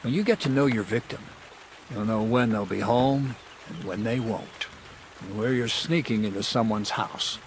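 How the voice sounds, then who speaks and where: A man's voice: on the low side, normal speed, slight background noise, natural voice. A man playing a sly, mocking thief mentor. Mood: instructive. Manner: wry, mocking, conspiratorial. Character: sly scheming male thief mentor, older. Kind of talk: studio video game dialogue.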